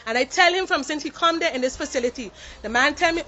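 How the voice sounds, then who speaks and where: A woman from a warehouse delivers an impassioned protest to camera, speaking fast in a high, sharp voice. She's emphatic and indignant, mixing French into her English mid-sentence. The recording's highs are cut off.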